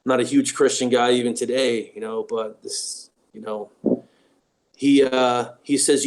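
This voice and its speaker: Man guest, mid-pitch, halting storyteller with lots of ums; interview talk. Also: level tone, darkish tone. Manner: halting, with frequent ums and restarts. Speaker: guest paranormal investigator.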